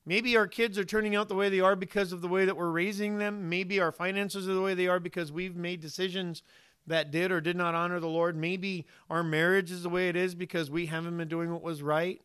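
A man with a high, bright voice preaches to his church. His tone is crisp and smooth, and he tells stories with animation, acting out the voices of the people he quotes. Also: little pitch movement, a little fast. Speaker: pastor. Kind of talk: sermon.

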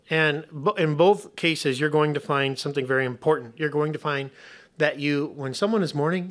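A man preaching a sermon as a pastor and hospice chaplain, conversational and humorous, going soft and quiet on serious points. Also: high-pitched.

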